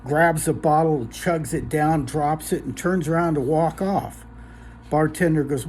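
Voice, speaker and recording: A man's voice: fairly high pitch, measured pace, a little hiss or hum. Man casually telling a joke. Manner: relaxed, filler-heavy storytelling.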